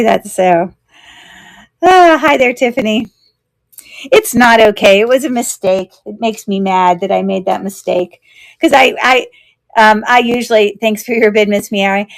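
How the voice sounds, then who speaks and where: A young woman runs a live jewelry auction in a casual, rambling chat, full of fillers and quick self-corrections. Her voice sits at a middling pitch and sounds dry and close, with no room echo.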